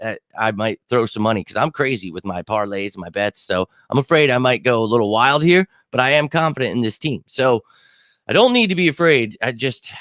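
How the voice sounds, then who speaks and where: A man in his thirties hosting a live sports fan show, chatting casually and excitedly, swearing freely and using many fillers. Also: lowish voice, no echo, studio quality. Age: 30s. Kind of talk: casual live-stream chat.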